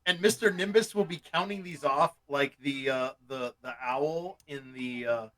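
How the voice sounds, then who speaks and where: A man's voice: medium pitch, a little slow, fairly bright tone. A man playing a tabletop game, chatting casually and upbeat. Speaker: player.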